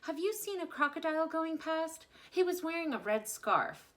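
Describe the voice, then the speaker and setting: A woman's voice: extremely high pitch, lively intonation, moderate pace, a bit bright, pitched above the performer's own voice. A woman voicing an anxious, polite lady asking everyone for help in a storybook reading. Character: anxious, polite woman hunting her lost crocodile.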